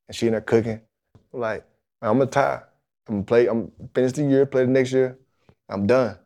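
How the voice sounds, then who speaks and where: Animated man telling a story. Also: medium pitch, quick pace. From Mississippi, USA. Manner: animated storytelling, colloquial, acts out the voices of the people in his story. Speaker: guest, football player. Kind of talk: storytelling in a podcast interview.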